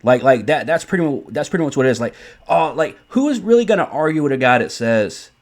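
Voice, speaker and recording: A man delivers an opinionated commentary rant in an ordinary, mid-pitched voice. He is blunt and profane, circling back over his points and stumbling through restarts. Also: expressive, fast. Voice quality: blunt, profane, repeats himself. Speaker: commentary host.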